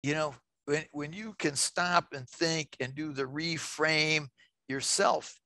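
An older man giving an informal, enthusiastic webinar presentation on self-care, filling pauses with "uh" and "you know" and getting louder when excited. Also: on the high side, dry recording. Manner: enthusiastic, gets loud when excited, many fillers.

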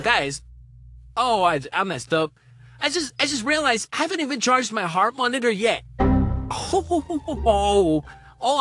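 A young woman in a solo vlog, rambling and giggling, breathless with excitement as she thanks a viewer. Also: a little high. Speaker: channel co-host. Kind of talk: solo vlog unboxing chat.

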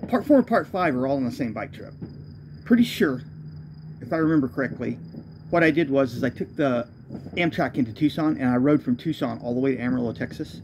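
A man's voice: mid-range voice, animated, fairly quick, a little mellow, slight background noise. A man, a homeless traveler, telling his own road story in a loose, profane, self-correcting way. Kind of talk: rambling spoken storytelling.

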